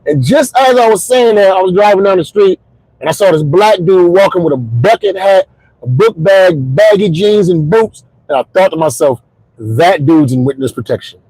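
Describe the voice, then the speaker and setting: A comedian in his forties riffs through a stand-up style monologue from his car, his voice sitting high for a man. He delivers jokes in an animated way, punching punchlines with sudden shouts. The sound is dry and close. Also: moderate pace, slightly rough, no echo, low-quality recording. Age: 40s. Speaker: comedian and podcast host. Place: in his car while commuting home.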